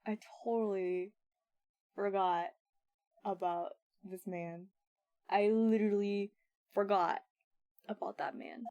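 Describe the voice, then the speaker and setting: A woman's voice: medium pitch, fairly even intonation, slow pace, pauses often, a little mellow, no room sound, dull audio. A woman streamer reacting to a game with laughter and swearing.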